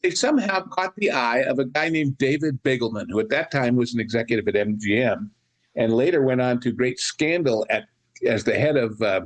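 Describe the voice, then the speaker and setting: A man's voice: medium pitch, brisk. A man co-hosting a podcast, chatting casually about films in long, rambling anecdotes full of asides. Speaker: podcast co-host. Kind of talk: casual film discussion.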